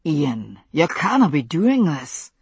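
A protective Scottish man, urgent and pleading, speaking in a lowered voice for a storybook reading. A woman takes the part in a husky tone. The recording is dry and close. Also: very animated, takes it slowly, darkish tone, no echo, full character voice.

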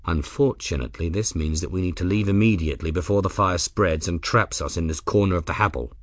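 A man voicing a stern, controlled male airship captain in an audiobook, speaking in a clipped, measured, formal way. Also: sits low, no echo, clean studio sound, lightly acted. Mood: calculating.

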